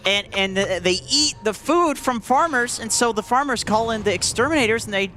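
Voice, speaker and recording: A man co-casting a video game match, bantering in a teasing, dry way with low mumbled asides. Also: animated, brisk, sharp tone, faint music behind. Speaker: esports co-caster. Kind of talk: casual banter on a live cast.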